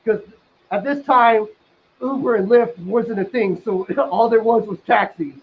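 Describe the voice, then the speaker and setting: A man telling a crude comic story casually, rambling with lots of fillers and bursting into loud excited outbursts. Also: high voice, measured pace, a little hiss or hum. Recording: dull lo-fi sound.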